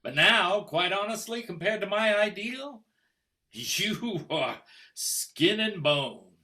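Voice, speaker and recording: Older actor as a sneering husband on a video-call stage play, bright tense voice, slow delivery. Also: male voice, high-pitched, lively intonation, heavily acted. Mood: scornful. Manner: taunting, mocking, coldly deliberate. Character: scornful middle-aged husband baiting his wife. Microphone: computer mic on a video call.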